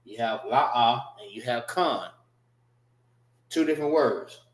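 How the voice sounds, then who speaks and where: A man's voice: mid-range voice, lively intonation, measured pace, roomy sound. A man teaching a class, patiently repeating words and spelling them out letter by letter. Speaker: class instructor. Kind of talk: classroom lesson on writing and pronunciation.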